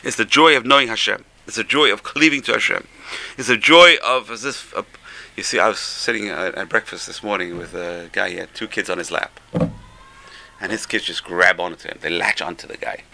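A man leads a Torah class in a gravelly voice, animated and exclamatory. His tone is sharp and bright. He drops to near-murmured asides, then rises to loud, emphatic points. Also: on the low side, fairly quick. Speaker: rabbi teaching a class.

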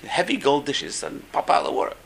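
A man's voice: fairly high pitch, wildly swooping pitch, racing, gravelly. A man giving a storytelling religious class, repeating phrases for emphasis.

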